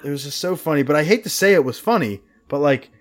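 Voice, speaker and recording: A man's voice: fairly high pitch, animated, fast. A man in casual chat, talking freely with lots of swearing while retelling scenes.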